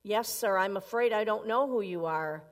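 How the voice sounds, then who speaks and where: Courteous female airport clerk, calm and patient, voiced by a woman; long reverb. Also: medium pitch, normal speed, lightly acted. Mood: polite.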